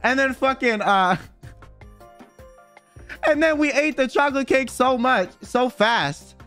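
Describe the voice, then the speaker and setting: A man telling an animated, slang-filled story in casual chat, swearing freely and acting out what people said. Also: very high-pitched, slow pace, soft background music. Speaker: streamer guest telling a story.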